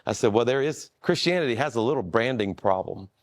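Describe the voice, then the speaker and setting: A man who is a pastor, telling a story in a relaxed, self-deprecating way with frequent restarts. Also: medium pitch, a little fast, dry recording. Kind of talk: storytelling in a conversation.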